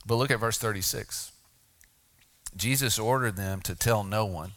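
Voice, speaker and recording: A middle-aged male pastor preaching a sermon in a conversational way, dropping to soft, emphatic tones for key points. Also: fairly low pitch, unhurried.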